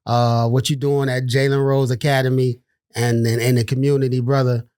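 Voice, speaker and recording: A man's voice: medium pitch, level tone, moderate pace, a little mellow, clear, resonant tone, no echo, clean studio sound. A middle-aged man from Detroit, co-hosting a sports podcast in laid-back casual chat, dropping "man" often. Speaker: podcast co-host.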